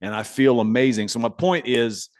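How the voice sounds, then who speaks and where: A man co-hosting a podcast in casual banter, rambling and animated, repeating himself as he tells stories and reads listener emails. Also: mid-range voice, normal speed, dry recording, clean studio sound. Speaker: podcast co-host.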